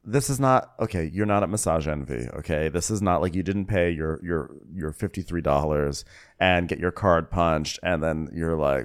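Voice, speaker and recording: A man's voice: deep voice, lively intonation, moderate pace, clean tone. A man co-hosting a comedy podcast, riffing sarcastically and in an exaggerated way on a reality show. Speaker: podcast co-host. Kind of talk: comedic recap chat.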